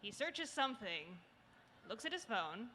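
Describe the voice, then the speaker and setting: A woman's voice: a little high, sing-song, measured pace, pushed and bright. A woman telling stories on a convention panel in a casual, chatty way, full of fillers and restarts. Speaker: animation youtuber panelist. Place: large convention hall. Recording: distant reverberant hall, faint noise.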